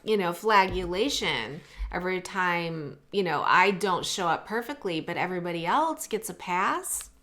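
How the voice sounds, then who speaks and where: A middle-aged woman talks through an oracle card reading in a relaxed, chatty way. She reads passages aloud from a guidebook and breaks off into heartfelt personal asides. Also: medium pitch. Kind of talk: casual tarot-style reading to camera.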